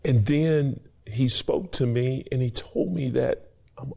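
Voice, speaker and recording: A man's voice: medium pitch, slow pace, vocal fry, mellow, breathy edge. A middle-aged man giving an earnest, preacherly personal testimony in an interview, repeating words as his feeling builds. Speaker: university staff member and interview guest.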